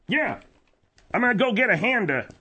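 A man's voice: sits high, sing-song, moderate pace, sharp tone, husky. A man bantering as a goofy, teasing sidekick on a comedy talk radio show.

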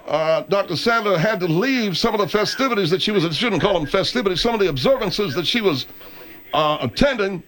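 A man voicing an excitable middle-aged radio host who talks in a sing-song, jokey way. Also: high-pitched.

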